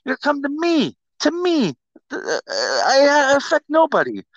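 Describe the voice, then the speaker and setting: A man's voice: very high-pitched, huge pitch swings, measured pace, a bit bright, dry recording, highs cut off. A man in his forties hosting a podcast, talking in a casual, profane, ranting way. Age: 40s. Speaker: podcast host.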